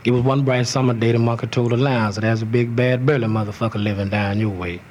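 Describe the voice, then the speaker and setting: A man's voice: mid-range voice, steady tone, fast, a little mellow, a little hiss or hum. Man reciting a rhythmic rhymed tale. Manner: rhythmic rhyming delivery, heavy cursing. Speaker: storyteller. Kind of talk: reciting a rhymed profane folk toast.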